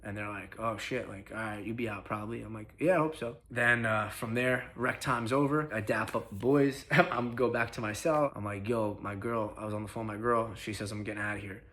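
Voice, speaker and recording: A man's voice: fairly low pitch, steady tone, a bit bright. Slangy young man telling a story. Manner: profane, slangy, quick retelling with acted-out quotes. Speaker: vlogger. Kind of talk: casual storytelling.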